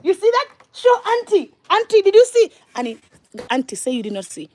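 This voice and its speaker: Woman, high-pitched, home vlog, encouraging mother, chatty, at breakfast table. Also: fairly quick. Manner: animated, coaxing and praising her young sons. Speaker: vlogger and mother. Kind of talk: casual family vlog.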